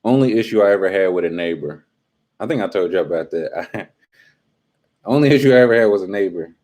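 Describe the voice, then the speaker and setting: A man's voice: deep voice, lively intonation, a little fast, a little mellow. A young adult man hosting a casual live stream, teasing and talking straight to his chat in slangy speech.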